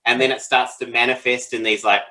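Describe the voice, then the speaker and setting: A man with a bright, forceful voice co-hosts a podcast. He explains ideas in a loose, rambling way, with frequent laughs and filler. He speaks into a studio podcast microphone. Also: mid-range voice, brisk, low-quality recording. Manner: relaxed, rambling, laughs often. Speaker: podcast co-host. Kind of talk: casual conversational podcast chat.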